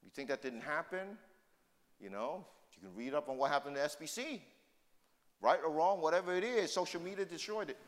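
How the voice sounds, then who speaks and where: An older male pastor preaching in a church hall, his fairly high voice leaping up and down in pitch. He swings between loud, emphatic points and soft, murmured asides. A long reverb trails after each phrase. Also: animated, brisk. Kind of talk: sermon.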